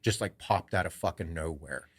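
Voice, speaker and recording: A man hosting a podcast, telling a story in a casual, animated way and swearing freely. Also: low voice, normal speed, breathy edge. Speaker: podcast host.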